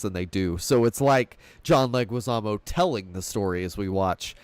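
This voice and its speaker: A man's voice: fairly low pitch, clean tone, no room sound. A man in casual film talk, rambling through plot retellings and laughing often. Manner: rambling, laughs often, retells scenes in quick quoted voices. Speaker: film podcast host.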